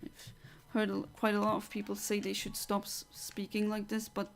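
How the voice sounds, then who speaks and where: A woman's voice: mid-range voice, completely flat delivery, normal speed, vocal fry. A woman from Luxembourg, chatting casually as a streamer and reading out viewer comments, reflective with frequent fillers and restarts.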